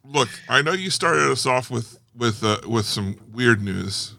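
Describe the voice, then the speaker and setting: A man co-hosting a podcast, reading the news and cracking dry, deadpan jokes. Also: mid-range voice, measured pace, creaky. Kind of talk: casual chat.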